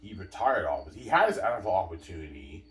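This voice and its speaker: This sports commentator talks fast in a low, fairly bright voice with big swings in pitch. His monologue is rambling and emphatic, looping back on points, saying "obviously" often, and addressing viewers, all captured roomily by a distant mic.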